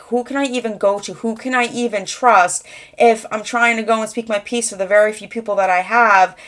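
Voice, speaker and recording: A woman's voice: mid-range voice, fairly bright tone. A young adult woman giving a rambling, conversational channeled tarot reading, full of fillers. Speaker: tarot reader.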